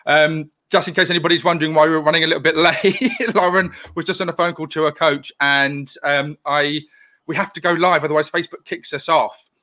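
A man's voice: on the high side, fairly even intonation, a little fast, bright, forceful tone. A man hosting a live online interview over a video call, chatty and rambling, laughing often. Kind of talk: casual live-stream interview.

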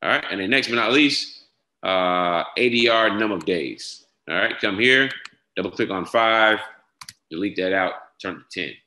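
A man giving a step-by-step software tutorial, repeating each instruction and checking in with "all right?". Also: fairly low pitch, normal speed, a little hiss or hum. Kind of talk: screen-share tutorial walkthrough. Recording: echoey room.

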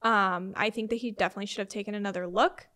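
A woman's voice: mid-range voice, fairly even intonation, fast, bright, forceful tone. A young woman guest in an interview, telling a family story in a conversational way, full of "like" and "um" fillers and quoted dialogue. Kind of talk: personal storytelling in a sit-down interview.

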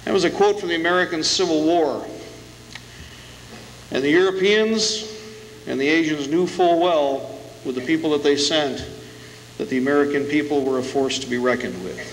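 A man's voice: a little high, normal speed. A man giving a fiery keynote speech to a conference crowd, with dramatic emphasis. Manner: forceful, orating with dramatic emphasis. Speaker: keynote speaker. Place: conference hall with a live audience. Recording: echoey hall, hissy old tape.

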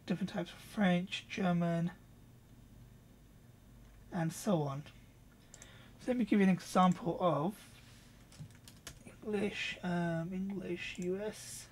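A man reviewing software in a casual, off-the-cuff demo, thinking aloud with quick asides. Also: high voice, slight background noise. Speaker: product reviewer.

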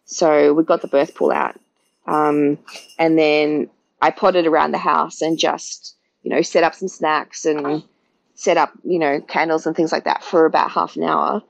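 A woman's voice: deep voice, little pitch movement, measured pace, gravelly, dry recording, low-quality recording. A woman, a podcast guest chatting through her birth story and acting out her own past words. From Australia.

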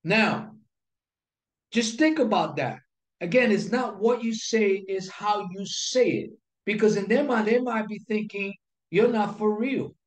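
A man's voice: high-pitched, a little slow. A man teaching sales technique in an instructional talk to camera. He speaks emphatically, repeats his key phrases and asks rhetorical questions. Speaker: sales coach. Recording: echoey room.

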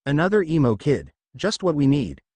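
A man's voice: fairly high pitch, big pitch swings, normal speed, a little mellow, dry recording. A man voicing a brash, blunt teenage boy ninja in a fan story reading who grumbles and teases.

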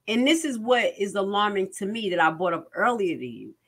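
Animated woman giving commentary. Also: medium pitch, brisk, breathy edge. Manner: animated, emphatic, with rhetorical questions. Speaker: online commentator. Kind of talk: commentary on court transcripts.

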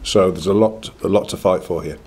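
A man's voice: sits low, brisk, a little mellow, a little hiss or hum. Blunt, confident older man. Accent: northern English. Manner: blunt, confident, plain-spoken. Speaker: cricket club chairman. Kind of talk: press conference answers.

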